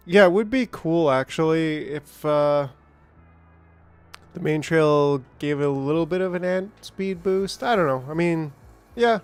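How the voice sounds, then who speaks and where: Easygoing streamer guy, chatty and rambling, smooth clear voice a touch high, faint music under him. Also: measured pace, dry recording. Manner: rambling, chatty, greets viewers by name. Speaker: gaming streamer. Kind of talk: casual let's-play commentary.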